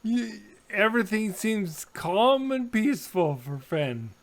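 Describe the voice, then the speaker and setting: A man running a tabletop game as the dungeon master, talking slowly and pausing often on fillers. His voice sits a little high for a man. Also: animated. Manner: unhurried, halting narration with many fillers.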